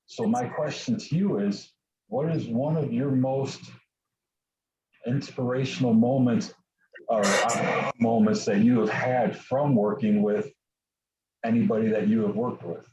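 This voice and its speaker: A man gives an earnest, halting testimonial and then asks the guest a question. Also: medium pitch, a little mellow. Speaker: community member asking a question. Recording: dull roomy remote audio.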